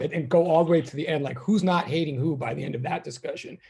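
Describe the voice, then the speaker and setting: Husky-voiced chatty man in his fifties. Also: fairly high pitch, fast, hardly any pauses, a little mellow. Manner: rambling, chatty, self-deprecating. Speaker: physics teacher. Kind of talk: casual classroom chat.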